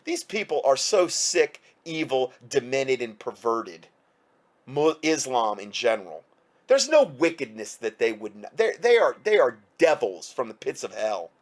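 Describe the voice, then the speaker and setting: A man's voice: medium pitch, very animated, measured pace. A man reading out news reports and breaking in with sarcastic, heated commentary.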